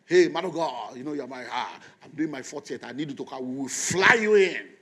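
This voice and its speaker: A man voicing an overexcited, newly rich friend, loud and effusive. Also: expressive, a little fast. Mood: boastful. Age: 40s. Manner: shouting, effusive, high-pitched exclamations.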